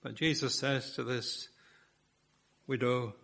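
A man's voice: medium pitch, fairly even intonation, slow, gravelly, a bit bright, husky. A man preaching a sermon, building his points with rhetorical questions and emphatic repetition.

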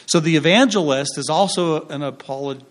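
A man's voice: on the high side, brisk. A man preaching a sermon as pastor, in a conversational way with jokes and rhetorical questions.

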